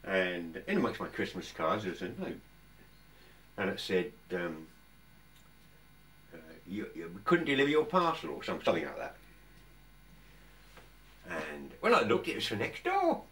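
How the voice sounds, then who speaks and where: An older English man chats in his workshop, his low voice rising and falling a great deal as he wanders from point to point. He pauses and restarts often, and he sounds set back a little from the mic. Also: huge pitch swings, vocal fry, fairly bright tone, recorded from a distance. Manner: rambling, chatty, stops and restarts often. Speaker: vlogger. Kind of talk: casual workshop chat to camera. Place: home workshop.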